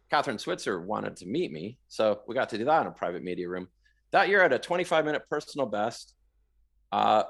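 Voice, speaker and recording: Gravelly-voiced Canadian man telling running stories. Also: on the low side. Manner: animated storyteller who shouts out quoted lines. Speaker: guest, marathon runner. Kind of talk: storytelling in a podcast interview.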